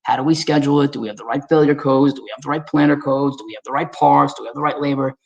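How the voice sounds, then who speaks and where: A racing, mid-range voice with vocal fry comes from a New York–accented man from Staten Island presenting webinar slides. His delivery is energetic, folksy and conversational, speaking straight to his audience, and the recording is muffled.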